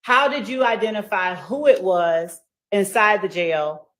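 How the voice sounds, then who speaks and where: A woman attorney questioning a witness in a courtroom, asking deliberate, measured questions. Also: medium pitch, a bit bright. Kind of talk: courtroom examination. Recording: echoey courtroom.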